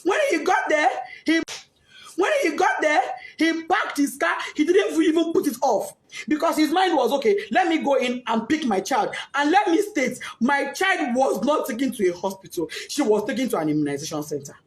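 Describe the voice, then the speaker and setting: A grieving Nigerian mother giving a tearful, impassioned testimony, often breaking into shouts and sobs. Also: high-pitched, animated, moderate pace. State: crying, distraught. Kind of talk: emotional testimony.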